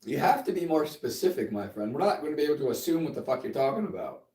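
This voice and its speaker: A man's voice: fairly high pitch, sing-song, quick pace, warm tone, recorded from a distance. A man co-hosting a casual podcast who banters bluntly and swears a lot. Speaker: podcast co-host. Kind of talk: casual chat. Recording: roomy, off-mic.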